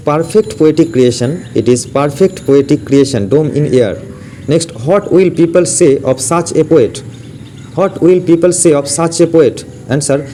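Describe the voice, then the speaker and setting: A man with an Indian English accent runs through exam questions one by one, answering each and repeating it. His voice sits a little high but sounds dark and mellow. A faint hiss runs under the recording. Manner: drills in a steady question-then-answer rhythm, repeating each answer. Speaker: English teacher. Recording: faint background noise.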